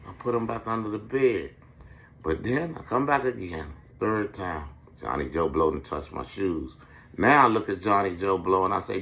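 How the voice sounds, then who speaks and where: A middle-aged man from Washington, D.C. with a lowish voice holds forth as a podcast host. He tells street-wise stories bluntly and profanely, in a preachy tone. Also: animated, normal speed, bright, forceful tone. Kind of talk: street-wise monologue storytelling.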